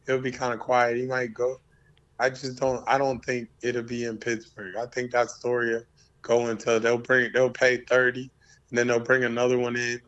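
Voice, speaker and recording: A man, a former player as guest, in casual chat, his voice hoarse and worn from yelling, speaking in a laid-back drawl. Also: medium pitch, completely flat delivery, normal speed, highs cut off.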